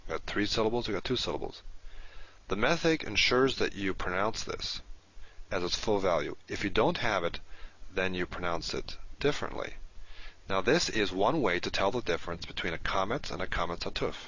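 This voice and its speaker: Very deep-voiced guy explaining hebrew grammar, patient, kinda dull lo-fi sound. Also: lively intonation, normal speed, a bit bright. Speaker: Hebrew teacher. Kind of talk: online language lesson.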